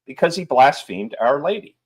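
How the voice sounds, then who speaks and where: A man voicing a stolid young male Highlander who answers in a flat, cold and deadly literal way. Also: moderate pace.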